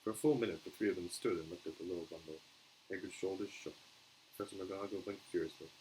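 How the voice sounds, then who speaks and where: A man's voice: sits low, fast, a little mellow, a little hiss or hum, rough recording. A man reading a children's novel aloud in a casual, unpolished way, with small slips and restarts. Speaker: show host reading aloud.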